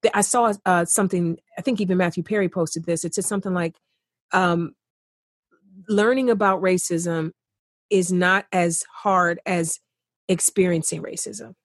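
A passionate woman speaking earnestly in a podcast chat. Her voice sits low and husky, and she presses her points by repeating them. The sound is dry and close. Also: fairly even intonation, normal speed, no echo. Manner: passionate, emphatic, repeats for stress. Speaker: podcast guest. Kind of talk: earnest conversation.

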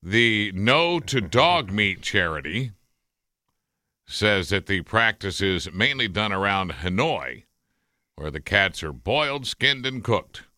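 Bright-voiced deadpan news man. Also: lowish voice, no echo, studio quality. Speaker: radio news reader and co-host. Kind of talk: reading news stories with asides.

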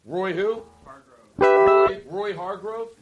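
A man hosting a casual studio chat show, profane and excitable, breaking into shouts of encouragement. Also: high-pitched, drawn-out words, phone-quality sound, over loud music. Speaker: podcast host. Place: recording studio.

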